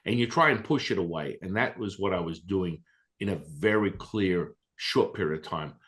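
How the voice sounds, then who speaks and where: A man with a deep, low voice recounting a story as a podcast guest. His delivery is animated and excitable, with a lively pitch that jumps around, and he swears casually. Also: normal speed.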